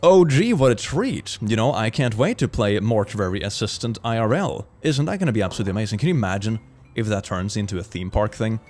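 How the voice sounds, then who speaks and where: A young man giving a jokey, excitable reaction commentary, often gasping and laughing. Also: on the low side, fast, soft background music. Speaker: reaction video host.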